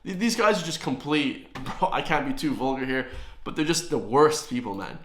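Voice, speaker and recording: A man's voice: medium pitch, very animated, moderate pace, a bit bright, slight background noise. A man with an Irish accent hosting a reaction commentary, ranting heatedly with profanity and sarcasm. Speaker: commentary channel host. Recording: roomy echo.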